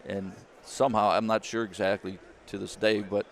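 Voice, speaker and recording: A man, a former caddie turned business founder, telling a lively story in an interview and acting out the people he quotes. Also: on the low side, normal speed. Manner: animated storyteller, acts out quoted voices.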